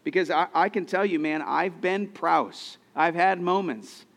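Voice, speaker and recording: Earnest pastor with restarts, hall reverb. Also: male voice, on the high side, measured pace, creaky, fairly bright tone. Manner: earnest, personal storytelling with many restarts. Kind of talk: sermon.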